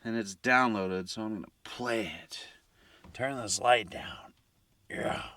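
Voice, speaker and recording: A man's voice: on the low side, slow pace, bright, forceful tone, no room sound, recorded from a distance. A man casually chatting in a camping vlog from his truck camper at night, rambling and laid-back, now and then talking baby-talk to his dog. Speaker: camping vlogger.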